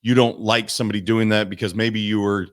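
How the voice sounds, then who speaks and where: A man, a guest coach in a podcast interview, telling stories in an animated way and acting out the people he quotes. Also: fairly low pitch, fairly quick. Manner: animated storytelling, acts out voices in quotes. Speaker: guest, mindset and business coach.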